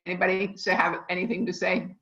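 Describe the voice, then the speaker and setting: Low-voiced woman teaching a cooking class. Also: level tone, quick pace, a bit bright. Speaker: culinary instructor. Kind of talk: online class lecture. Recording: echoey, dull lo-fi audio.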